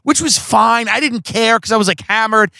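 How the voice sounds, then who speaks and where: A man's voice: sits high, moderate pace, gravelly, pushed and bright, no room sound. A man from Long Island hosting a podcast, telling comedic stories in a rambling, profane way full of filler words. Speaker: podcast host. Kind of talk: comedic storytelling.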